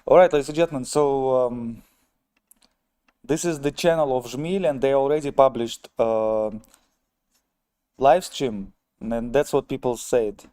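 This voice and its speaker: A man with a strong Russian accent hosts a relaxed live stream, addressing his viewers as ladies and gentlemen. His voice is mellow and warm, and he sits in the middle range for pitch. He talks in a wry, self-mocking way. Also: unhurried, long pauses. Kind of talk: casual live-stream chat, reading viewer comments.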